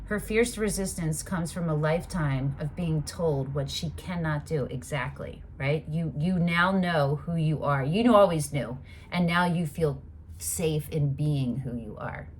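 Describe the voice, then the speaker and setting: A woman with a lower-pitched voice gives a casual tarot reading. She talks animatedly and emphatically. Now and then she swears or breaks into loud outbursts. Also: a little slow, slight background noise. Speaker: tarot reader.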